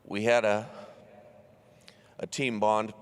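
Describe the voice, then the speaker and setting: A man's voice: lowish voice, level tone, slow pace, clean tone. A young man giving an earnest, heartfelt stage introduction at a large convention. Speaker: introducing speaker. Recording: long hall reverb in arena.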